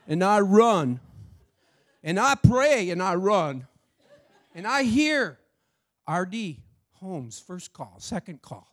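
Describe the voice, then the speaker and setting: Animated man telling a testimony. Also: high voice. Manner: animated storyteller acting out dialogue. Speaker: church speaker sharing a testimony. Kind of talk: sermon testimony storytelling.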